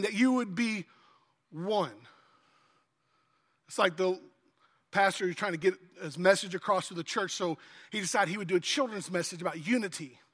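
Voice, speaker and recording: A pastor with a notably high voice moves between reading scripture and relaxed, conversational asides to his congregation, even acting out children's pleading voices. A long hall reverb echoes around him, as in a big church sanctuary.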